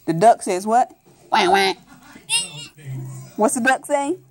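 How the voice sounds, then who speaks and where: A woman's voice: on the high side, lively intonation, normal speed, warm tone. A mother reading a picture book aloud to her toddler at home, playfully coaxing and imitating animal sounds.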